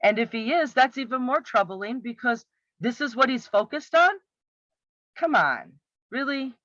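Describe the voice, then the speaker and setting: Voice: mid-range voice, very animated, normal speed, bright, forceful tone, no room sound. A commentator picking apart a campaign video with exasperated, sarcastic rhetorical questions. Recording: slightly muffled, dry.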